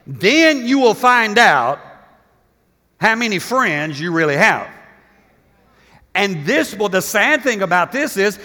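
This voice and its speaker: A man preaching a sermon as pastor, impassioned, swinging between loud bursts and hushed passages. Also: on the high side. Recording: long hall reverb.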